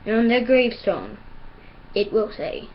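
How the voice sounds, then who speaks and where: A woman with a slightly high voice rants earnestly and emphatically to a camera, speaking slowly. The audio is dull and lo-fi, with faint hiss underneath. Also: sing-song. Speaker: vlogger. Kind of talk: video rant.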